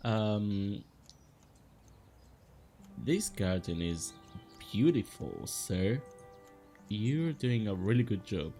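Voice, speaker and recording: A man chats his way through a video game, laughing often and speaking slowly. Game music sits faintly under his voice. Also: lowish voice, expressive, dark tone. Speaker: gaming streamer. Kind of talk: let's play commentary.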